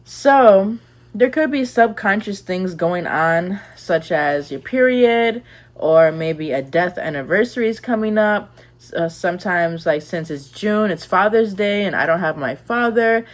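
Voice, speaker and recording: A woman's voice: mid-range voice, animated, measured pace. A young woman giving candid, chatty advice in a casual vlog, rambling with lots of "like"s. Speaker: lifestyle vlogger.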